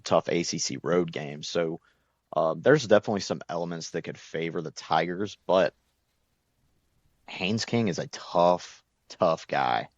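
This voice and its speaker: A man with a very deep, low voice co-hosting a podcast, laying out a game preview in a measured, steady way. His recording is dry and slightly dull, like a lo-fi mic. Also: no room sound. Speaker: podcast co-host. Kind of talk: sports betting preview.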